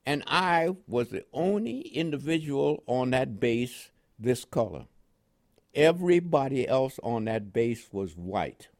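This is a slow, medium-pitched male voice: an older Panamanian man giving an oral history of his life. Though French is his native language, he talks with a New York accent colored by West Indian inflections. He tells stories vividly, acting out the voices of others.

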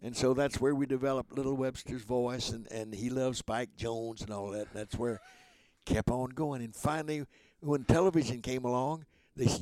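A man's voice: mid-range voice, normal speed, no echo. Old guy in his 90s rambling through show-biz stories, restarts a lot, dry close sound. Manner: rambling, lively anecdotes with many restarts. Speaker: voice actor, interview guest. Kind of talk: casual storytelling interview.

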